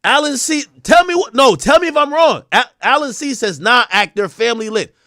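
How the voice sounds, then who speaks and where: Loud, blunt young man ranting. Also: very high voice, expressive, a little fast, dry recording, clean studio sound. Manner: loud, blunt, swearing, swings between mumbling and shouting. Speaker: livestream host. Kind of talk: casual livestream rant.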